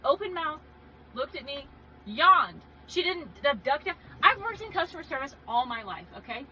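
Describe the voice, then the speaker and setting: A woman in casual chat on a podcast, telling animated stories and laughing often. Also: sits high, moderate pace. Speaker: podcast guest. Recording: dull lo-fi sound with clear background noise.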